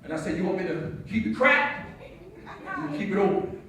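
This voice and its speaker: A man performs a stage comedy monologue as a strict, wry father of a grown son, telling it deadpan and teasing. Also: high voice, moderate pace, noisy background. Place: theatre stage. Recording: echoey hall from far off.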